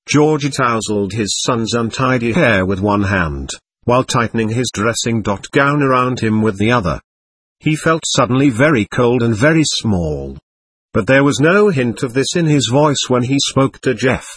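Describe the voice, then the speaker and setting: Husky, expressive male audiobook narrator. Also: mid-range voice, no room sound. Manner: expressive, measured storytelling. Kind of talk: scripted narration.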